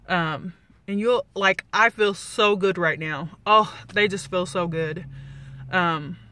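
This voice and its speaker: Bright-voiced excited woman vlogging. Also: medium pitch. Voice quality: slight lisp from new dentures. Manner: excited, chatty, many fillers. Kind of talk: casual vlog update.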